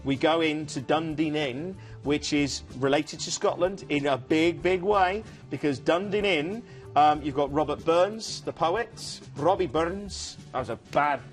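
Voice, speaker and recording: A man's voice: on the high side, a little slow, faint music behind. A man presenting a TV cruise sales show, chatting enthusiastically and rambling with fillers. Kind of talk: casual studio sales chat. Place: TV studio.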